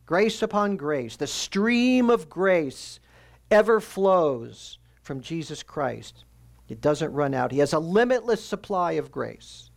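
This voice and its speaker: A man preaching a sermon, his voice sitting a little high with a rough, gravelly edge. He teaches earnestly and slows down to lean on the phrases he wants to land. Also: big pitch swings. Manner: earnest teaching with slow emphatic stresses. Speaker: pastor.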